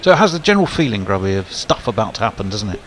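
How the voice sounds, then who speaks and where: Low-voiced man, jokey commentary. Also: big pitch swings, very fast, a bit bright. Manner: jokey, chuckling, chatty. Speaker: cricket commentator. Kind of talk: casual cricket commentary chat.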